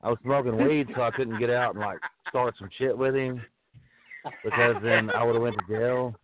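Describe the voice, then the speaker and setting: A man co-hosting a podcast in casual, profane chat, halting and restarting his sentences often. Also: mid-range voice, fairly even intonation, very noisy. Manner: halting, many fillers and restarts. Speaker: podcast co-host. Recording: phone-like narrow sound.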